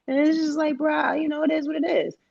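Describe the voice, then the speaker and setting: A woman's voice: high voice, flat delivery, fairly quick, creaky, a little mellow, no echo, highs cut off. A woman co-hosting a casual podcast chat, talking in slangy, profane, rambling bursts. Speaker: podcast co-host.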